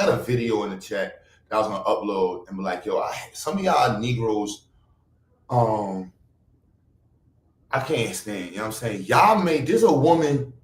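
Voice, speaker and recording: Man, streamer, rambling chat that jumps from loud outbursts to muttering; mid pitch, a bit off mic in an echoey room. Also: far from the mic. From Brooklyn, New York. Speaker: livestream host. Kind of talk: casual livestream chat.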